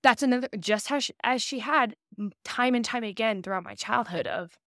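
A woman's voice: on the high side, very animated, normal speed, fairly bright tone, no echo, clean studio sound. A young woman in her twenties, a podcast guest, telling a personal story in earnest and acting out the people she quotes. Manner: earnest, acts out quoted dialogue.

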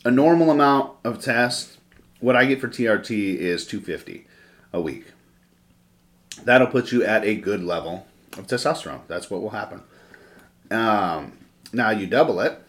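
A man in a loose podcast conversation, swearing freely as he tells a rambling story. His voice sits at an ordinary middle pitch, and he talks in a plain, everyday way. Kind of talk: casual podcast chat.

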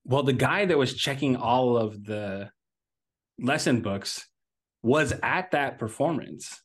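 A man's voice: mid-range voice, lively intonation, slow. Rambling man telling stories. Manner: rambling, many fillers and restarts, laughs while telling stories. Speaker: podcast co-host. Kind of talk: casual storytelling chat.

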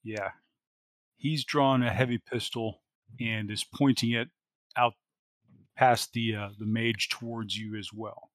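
Speaking slowly with frequent pauses, a man with a medium-pitched, steady voice serves as game master for a tabletop role-playing game. On a dry recording, he describes the action and sorts out the rules as he goes, full of fillers and restarts.

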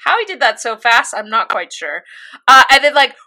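A young woman casually recapping an anime episode, animated, acting out quotes between laughs. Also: high voice, moderate pace. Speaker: podcast co-host recapping an anime. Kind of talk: casual chat.

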